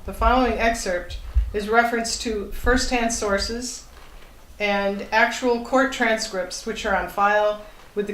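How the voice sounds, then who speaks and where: A woman author giving a measured reading of her own book. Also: mid-range voice. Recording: echoey room.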